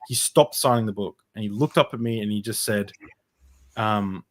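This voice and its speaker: A man's voice: lowish voice, moderate pace. A man talking as a podcast guest, telling his personal story in a casual, rambling way with many fillers and restarts.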